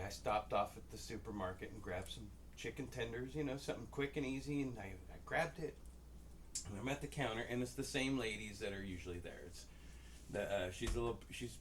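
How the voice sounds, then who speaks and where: A man's voice: mid-range voice, slight background noise. Profane man telling rambling stories. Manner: profane, rambling, acts out quoted dialogue. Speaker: podcast co-host. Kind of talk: casual storytelling chat.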